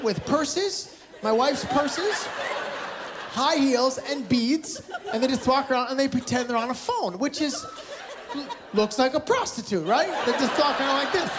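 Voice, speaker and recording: A man doing stand-up comedy on a theatre stage, teasing audience members in a playful way. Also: very high-pitched. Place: casino resort theatre stage. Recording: live show with crowd and background noise. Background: audience laughter.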